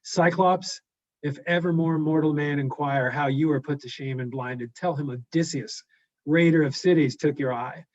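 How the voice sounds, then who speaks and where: A man voicing a boastful male sea captain who shouts taunts. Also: a little high, fairly even intonation, moderate pace, dry recording, lightly acted. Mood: taunting. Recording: dull lo-fi recording.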